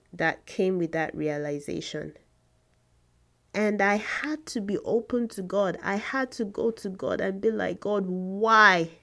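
Slow, earnest woman podcast host. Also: medium pitch. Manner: earnest and slow, with emphatic repetition. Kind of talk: faith podcast monologue.

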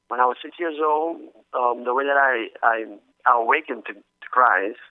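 A man from the Dominican Republic, a guest telling his story with many halting restarts over the phone. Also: mid-range voice, dry recording. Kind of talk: casual testimony over the phone. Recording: tinny phone line, dry.

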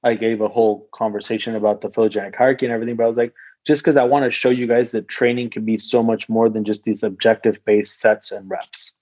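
A man with a somewhat breathy, husky voice tells a long personal story in loose podcast chat. He rambles, fills his speech with "like" and swears casually. The sound is dry and slightly muffled. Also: lowish voice, fairly even intonation, fast, darkish tone, dry recording. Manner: rambling, heavy use of "like", swears freely. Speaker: guest telling a personal story.

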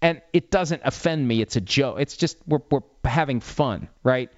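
A man's voice: mid-range voice, normal speed, no room sound, muffled recording. A man in his forties, a sports writer and host, talking candidly and bluntly with many restarts. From Italian-American. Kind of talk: casual talk answering listener questions.

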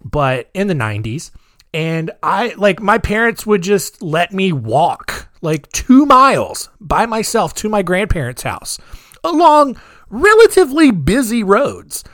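A man in his thirties hosting a podcast, rambling in a chatty way with dark sarcastic humor. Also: high-pitched, very animated, measured pace, no echo, clean studio sound. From United States. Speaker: podcast host. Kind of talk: casual podcast monologue.

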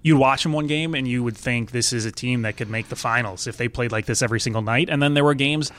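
A man in a mid-pitched voice hosts a casual sports betting chat. He thinks aloud as he talks and often restarts his sentences. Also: fast talker, fairly bright tone. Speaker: podcast host.

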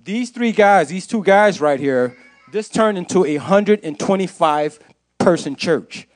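A man's voice: sits high, lively intonation, a little slow. A man giving an impassioned testimony to a church congregation, repeating phrases for emphasis. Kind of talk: sermon testimony.

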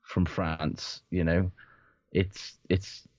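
Podcast co-host, male, very low voice, dry close sound, rambling and sweary delivery. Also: level tone, drawn-out words, darkish tone, no room sound, highs cut off. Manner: swearing, rambling, laughs often. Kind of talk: casual sports chat.

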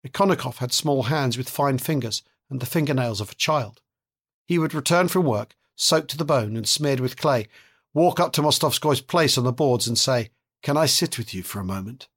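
A man reads a novel aloud in a measured, steady way. His voice has a husky edge. He stays at an average pitch for a man. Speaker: narrator reading a novel. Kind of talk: audiobook narration.

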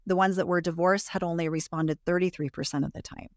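A woman's voice: lowish voice, steady tone, quick pace, dry recording. Earnest woman explaining, dry close sound. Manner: earnest, explains research findings, repeats for emphasis. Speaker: relationship podcast guest. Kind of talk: conversational explaining.

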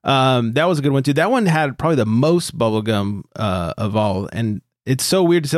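A man's voice: medium pitch, animated, normal speed, few pauses, no room sound, clean studio sound. A man hosting a beer podcast in loose, joking casual chat, swearing freely. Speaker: podcast host.

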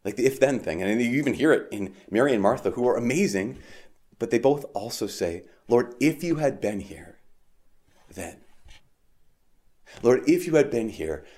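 A man's voice: mid-range voice, darkish tone. Man preaching a casual Mass homily. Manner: conversational, frequent "like", restarts, emphatic rises.

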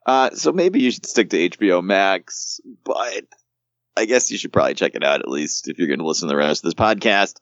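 A man's voice: low-pitched, lively intonation, a little fast, a bit bright, no echo, lo-fi sound. A man hosting a casual movie-review podcast who jokes around and rants with plenty of swearing. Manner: profane, joking rants. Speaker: podcast host.

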